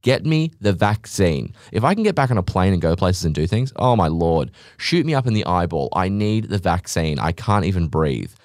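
A man hosting a podcast, ranting sarcastically and swearing, often mimicking people in a high voice. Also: big pitch swings, moderate pace, hardly any pauses, a little mellow, no echo, clean studio sound. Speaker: podcast host, business owner. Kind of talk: casual podcast monologue.

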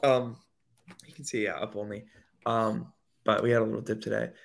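A man's voice: fairly low pitch, level tone, moderate pace, creaky. A man co-hosting a podcast in casual chat, rambling with many fillers and putting on mocking voices when he quotes others. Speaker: podcast co-host.

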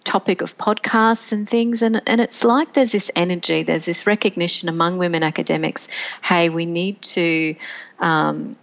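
A woman's voice: lowish voice, fairly even intonation, normal speed, vocal fry, hardly any pauses, dull audio. A middle-aged woman, a podcast guest telling her story in a reflective way with many fillers and restarts. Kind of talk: conversational interview storytelling.

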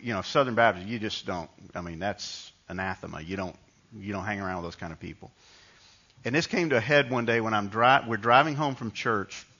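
Bright-voiced preacher telling stories. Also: male voice, on the low side, dull audio. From New York. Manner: conversational storytelling with frequent restarts. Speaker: pastor. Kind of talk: sermon.

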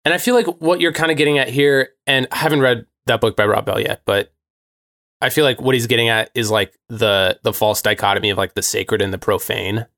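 A man's voice: mid-range voice, brisk, fairly bright tone, no echo, clean studio sound. A man co-hosting a podcast, talking in an eager, chatty way with lots of fillers. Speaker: podcast co-host. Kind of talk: casual conversation.

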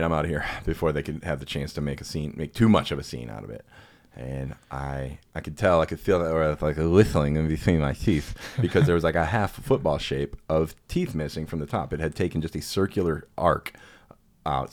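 A man with a low, deep voice spins a rambling personal story for a podcast. He is animated, laughs often and briefly mimics the people he talks about. The delivery stays loose and conversational. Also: a little fast. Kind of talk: casual storytelling chat.

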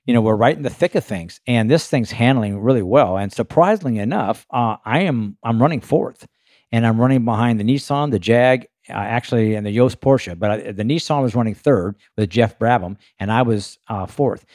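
A man who drives race cars, casually telling a lively story in his own voice and filling it with "you know" and "uh". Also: mid-range voice, moderate pace, no room sound, clean studio sound. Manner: animated anecdote-telling with frequent fillers. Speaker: race car driver guest.

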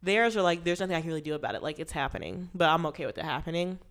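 A young woman hosts her own podcast solo, talking candidly and playfully. Her voice sits a bit low for a woman. A stuffy nose from allergies colors her speech. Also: animated, rapid-fire. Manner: chatty, candid and playful, with bursts of loud laughter and sung lines. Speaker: podcast host. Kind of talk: casual solo podcast chat.

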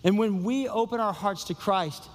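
A man's voice: high voice, moderate pace, in a large hall. A man preaching a sermon, telling stories with exclamations and repeated phrases. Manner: storytelling, exclamatory and repetitive. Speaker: pastor.

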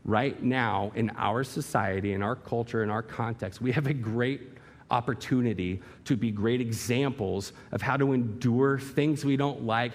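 A male pastor preaching a sermon in a church hall, emphatic and full of rhetorical questions and vivid illustration. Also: mid-range voice.

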